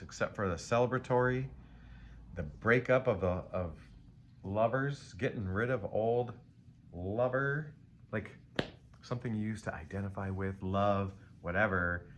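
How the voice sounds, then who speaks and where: A man's voice: on the low side, fairly bright tone. Laid-back man doing a rambling tarot reading. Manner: rambling, playful, upbeat, talks to viewers as baby. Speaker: tarot reader. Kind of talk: casual live tarot reading. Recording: faint ambient noise.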